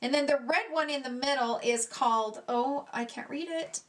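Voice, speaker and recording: High-voiced chatty beauty vlogger woman. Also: moderate pace, a bit bright. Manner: chatty, gushing, swears casually, self-mocking. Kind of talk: casual product review chat.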